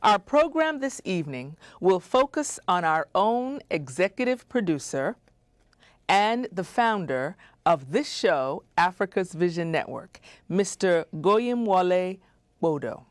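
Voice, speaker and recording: A woman hosting a community TV show, reading a scripted introduction with excited asides off script. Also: fairly low pitch, a little slow, no echo. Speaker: host.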